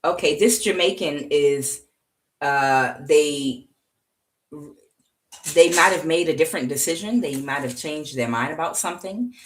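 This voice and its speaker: A woman's voice: low-pitched, measured pace. A woman doing a casual tarot reading to camera, chatty and punctuating her points with "okay". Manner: chatty, frequent "okay" checks, laughs at herself. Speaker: tarot reader.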